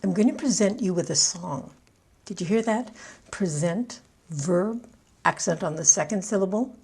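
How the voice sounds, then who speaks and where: A woman with a Canadian accent coaching English pronunciation, speaking slowly and deliberately, with light laughs and words repeated to model their stress. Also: fairly low pitch, animated, creaky, a little mellow, husky. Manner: light laughs between points. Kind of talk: scripted teaching monologue.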